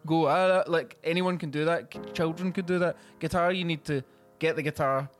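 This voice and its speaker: A man's voice: a little high, steady tone, a little fast, soft background music. A Scottish man co-hosting a casual podcast, teasing and arguing his point. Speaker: podcast co-host.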